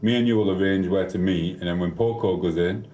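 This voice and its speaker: A man with a South Yorkshire accent rambles cheekily through viewers' comments on a live stream. His voice sits somewhat low. The room rings with echo, and a faint hiss runs underneath. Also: fairly even intonation, a little fast, mellow. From South Yorkshire, England. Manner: rambling, cheeky, banters with chat. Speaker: livestreamer. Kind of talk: casual live-stream chat reading comments. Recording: echoey room.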